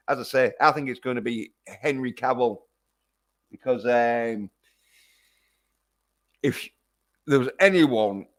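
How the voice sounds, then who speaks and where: A man talks at an unhurried, slow pace in a mid-range voice. He rambles through a casual livestream film review. He swears freely and often. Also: medium pitch. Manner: rambling and heavily profane.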